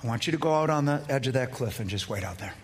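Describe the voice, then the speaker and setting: A man voicing a calm, patient deity who speaks quietly and gently. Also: medium pitch, fast, a little hiss or hum, pitched below the performer's own voice, close to an everyday voice. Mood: gentle.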